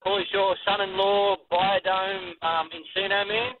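A man calling in to a radio show, talking fast and excitedly. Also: high voice. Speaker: caller. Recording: phone line with crowd behind.

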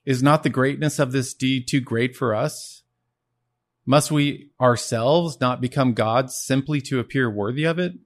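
A man's voice: medium pitch, unhurried, close to an everyday voice. A man voicing a frantic male madman preaching in a marketplace, reading the passage aloud with rising intensity. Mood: impassioned.

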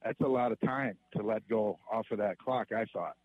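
A man's voice: fairly low pitch, normal speed, no room sound. A man calling in to a sports radio show, methodically recounting game details. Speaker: caller. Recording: tinny phone line.

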